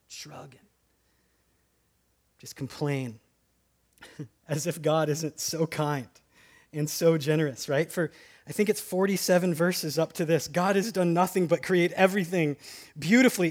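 Brief: male pastor, high-pitched, chatty sermon style with playful voices. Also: normal speed. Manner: conversational preaching, frequent "right?" asides; acts out quoted voices for humor.

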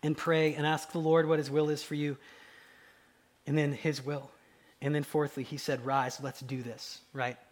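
A man preaching a conversational sermon, dropping to quiet low asides and rising into loud, excited acted quotes. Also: moderate pace, long pauses. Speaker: pastor.

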